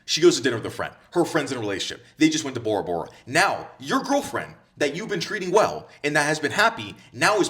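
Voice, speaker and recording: A man's voice: medium pitch, a bit bright. A man coaching other men on dating, talking bluntly and with heavy swearing, repeating his points for emphasis. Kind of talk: direct-to-camera advice monologue.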